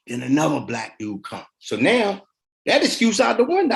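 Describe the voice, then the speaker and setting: A man's voice: a little high, normal speed, gravelly. A middle-aged man, a podcast guest, casually telling his life story in colloquial speech and acting out the people in it. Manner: colloquial, relaxed street talk.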